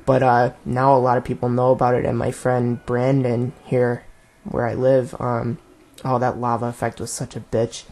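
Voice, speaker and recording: A man's voice: mid-range voice, completely flat delivery, normal speed, darkish tone. Laid-back rambling male commentator. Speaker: director of a web series. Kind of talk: casual director's commentary.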